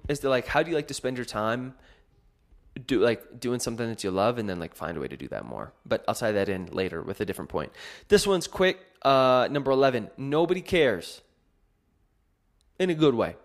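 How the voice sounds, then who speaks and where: A young adult man talks alone on his podcast in a loose, conversational way. He wanders through his points with plenty of fillers and restarts, poking fun at himself as he goes. His voice sits at an ordinary middle pitch. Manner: rambling, self-deprecating storytelling with many fillers. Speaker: podcast host. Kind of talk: casual solo podcast monologue.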